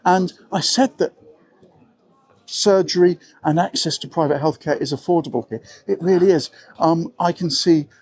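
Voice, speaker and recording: A man's voice: a little high, moderate pace. A middle-aged English man giving frank, conversational advice to camera, a little self-deprecating. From England. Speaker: vlogger living abroad.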